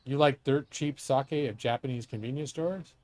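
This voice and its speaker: Recorded dry, a middle-aged man with a darkish, mid-range voice streams a game live at a moderate pace. His talk is loose and profane, full of self-directed comments and asides to a co-host.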